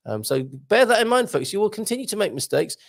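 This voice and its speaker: A man's voice: sits high, sing-song, fast talker, vocal fry. A man hosting a casual live stream, reading out viewer comments in a chatty way with frequent stumbles and restarts.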